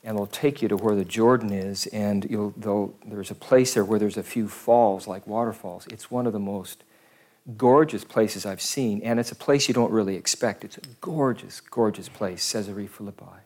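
A man's voice: lowish voice, normal speed, darkish tone. A man giving a casual, conversational sermon as a pastor, rambling with self-deprecating asides.

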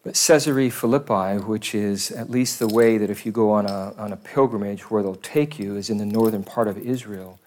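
A man's voice: fairly low pitch, normal speed, hardly any pauses, darkish tone. A man giving a casual, conversational sermon as a pastor, rambling with self-deprecating asides.

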